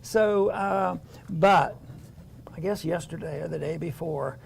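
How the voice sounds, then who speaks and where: An older man co-hosting a casual political chat, speaking haltingly with many restarts and chuckles, his voice gravelly. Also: fairly high pitch, slight background noise. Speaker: co-host.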